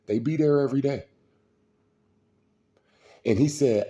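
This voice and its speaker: A middle-aged man, telling stories in a slow, preachy street style. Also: mid-range voice, warm tone. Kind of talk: casual storytelling monologue.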